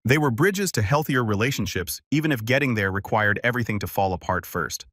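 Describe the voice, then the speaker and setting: A man calmly narrating a first-person story in an even storytelling voice, recorded close to the mic. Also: mid-range voice, a little fast, no room sound.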